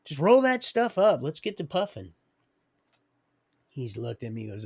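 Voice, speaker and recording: A man's voice: medium pitch, huge pitch swings, normal speed, pauses often, husky. A middle-aged man telling his own life story on a live stream, digressive and loose, chuckling as he goes. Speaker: livestream storyteller. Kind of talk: rambling personal storytelling.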